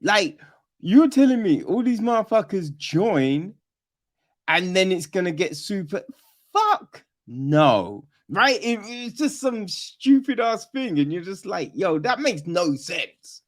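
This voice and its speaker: A man hosting a podcast, reviewing a film in casual chat, animated and profane, always asking "right?" and mimicking characters. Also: sits high, takes it slowly. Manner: peppers talk with "right?" and "you know what I mean?". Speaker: podcast host.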